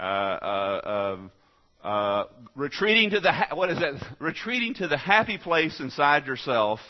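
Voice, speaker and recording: A man preaching a sermon, swinging from quiet, conversational asides to loud, emphatic exhortation in a folksy manner. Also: medium pitch, highs cut off. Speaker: pastor.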